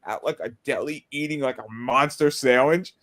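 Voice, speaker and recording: A man co-hosting a casual wrestling chat, excitable and tripping over his words as he retells stories. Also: medium pitch, normal speed. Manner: excitable, stammering restarts, laughs at own stories. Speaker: podcast co-host.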